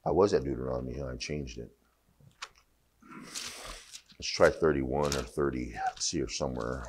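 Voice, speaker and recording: A man's voice: a bass voice, normal speed, background noise. A man preaching a sermon as pastor, talking conversationally with asides and rising to emphatic bursts.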